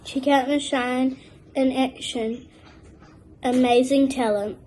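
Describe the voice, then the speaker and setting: Woman, mock news reporter, mellow tone, measured formal delivery, faint background noise. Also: sits high, fairly even intonation, rough recording.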